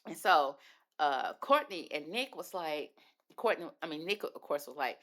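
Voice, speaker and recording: A woman's voice: low voice, lively intonation, normal speed, fairly bright tone. A woman hosting a casual reality TV recap, chatty and gossipy, calling listeners "baby" and acting out the people she discusses. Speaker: reality TV commentary host.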